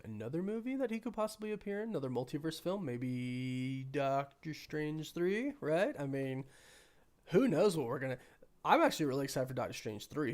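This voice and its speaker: A man with a cold, hoarse and sniffly, hosting a casual live stream and chatting with viewers while thinking aloud. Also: mid-range voice, darkish tone. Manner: rambling, thinking aloud with many restarts. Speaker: livestream host.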